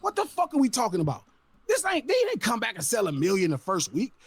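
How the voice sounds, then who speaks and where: A man's voice: very high-pitched, wildly swooping pitch, fast talker, creaky, husky, no room sound. A man on a podcast, ranting with profanity and exasperation. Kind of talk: heated podcast rant.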